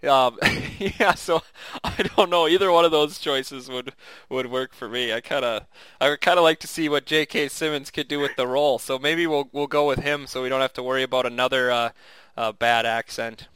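A man's voice: mid-range voice, normal speed, fairly bright tone, clear, resonant tone, dry recording. A man co-hosting a casual podcast chat, rambling with restarts and chuckling often. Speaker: podcast co-host.

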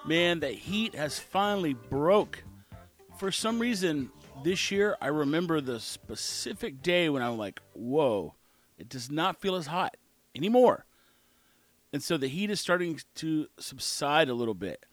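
A man's voice: on the high side, animated, a little slow, no room sound, soft background music. A man hosting his own show, rambling through an opinionated casual monologue. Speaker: podcast host.

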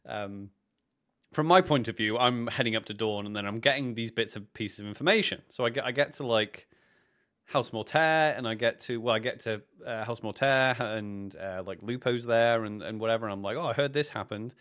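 A man's voice: medium pitch, moderate pace. A British man co-hosting a podcast, telling game stories in casual chat and acting out what others said. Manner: animated storytelling, acts out quoted characters, frequent restarts. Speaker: podcast co-host. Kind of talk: casual chat recapping a live-action role-play event.

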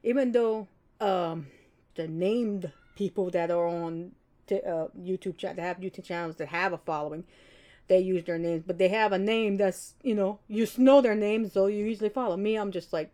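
A young woman hosts her own podcast, talking in a relaxed, mellow tone. She rambles from one thought to the next in an unscripted, chatty way. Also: mid-range voice, moderate pace. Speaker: podcast host. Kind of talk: casual solo podcast monologue.

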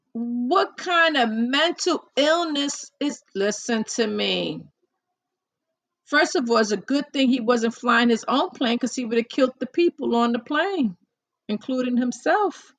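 A woman giving a casual spoken monologue, unhurried and gravelly. She repeats herself, restarts her sentences and acts out what people said. The delivery is loose and conversational. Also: high voice, a bit bright. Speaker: commentator.

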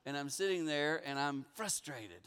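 A man giving a guest sermon, telling a funny personal story in an animated, jokey way in a church auditorium. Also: a little high, normal speed, clean tone, long reverb tail. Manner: animated, jokey, acting out dialogue. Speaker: guest pastor.

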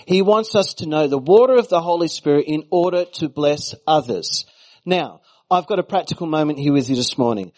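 A man's voice: a little high, a little mellow, rough recording. A middle-aged Australian man preaches a sermon in a slightly raised voice. He keeps it conversational, with playful asides to the congregation, as a guest preacher.

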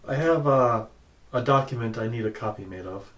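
A man's voice: mid-range voice, normal speed, fairly bright tone, echoey room. A man playing in a tabletop game, talking in a casual, thoughtful way. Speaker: player.

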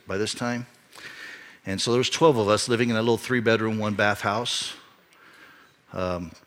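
Middle-aged guy preaching, bright tone, personal and earnest, gets loud at the big moments. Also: mid-range voice. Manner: earnest, personal, rising to emphatic peaks. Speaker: pastor. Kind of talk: sermon storytelling. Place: church.

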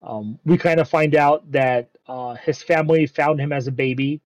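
A man's voice: a little high, moderate pace, a little mellow, dry recording, rough recording. Rambling man recapping an anime, casual. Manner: rambling, many ums, swears casually.

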